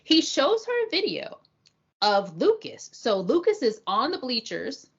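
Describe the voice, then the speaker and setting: A woman's voice: high-pitched, huge pitch swings, a little slow, breathy edge, dull audio. A woman co-hosting a podcast, recapping scenes in casual review chat with blunt, slangy, playful remarks. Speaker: podcast co-host.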